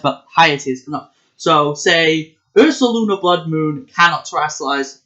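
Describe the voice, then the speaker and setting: A man's voice: a little high, animated, moderate pace, bright, forceful tone. A chatty man talks through a casual video in a slightly raised voice, stumbling over words and correcting himself as he goes. The recording is dull and lo-fi. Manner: chatty and self-correcting, with many fillers. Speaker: competitive video game player and channel host.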